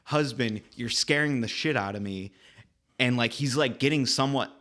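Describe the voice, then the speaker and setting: A man's voice: medium pitch, normal speed, fairly bright tone. A man co-hosting a casual comic book podcast, chiming in with short agreements and blunt jokes. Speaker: podcast co-host.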